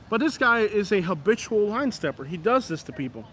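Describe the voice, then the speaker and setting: A man's voice: high-pitched, big pitch swings, a little fast, hardly any pauses, a bit bright, slight background noise. A man, chatting casually and rambling to his viewers on a live stream from a downtown street at night, filmed on a camera stand.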